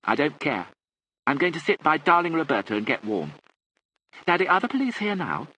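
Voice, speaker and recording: A man voicing a cheeky, excitable schoolgirl who talks with breathless eagerness. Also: on the high side, fairly quick, breathy edge, voice pushed up, full character voice, poor audio. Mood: eager. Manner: breathless, wide-eyed eagerness.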